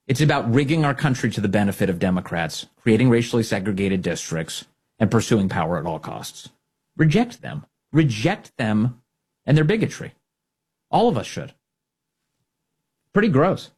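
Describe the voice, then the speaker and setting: Husky, animated, sarcastic male commentator. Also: fairly low pitch, normal speed. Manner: sarcastic, mocking, emphatic. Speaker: political commentator. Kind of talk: opinionated political commentary.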